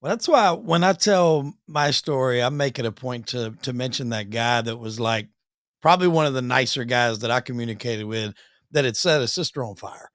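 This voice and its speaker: A man with a middle-pitched voice talking loosely, with some restarts, as a podcast host. The sound is dry and close to the mic. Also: normal speed, fairly bright tone, no room sound. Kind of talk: casual chat.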